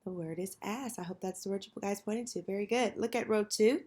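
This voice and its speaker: A woman teacher leading a children's phonics lesson, patiently prompting and pausing for answers. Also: mid-range voice, warm tone. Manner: slow, patient, call-and-response prompting.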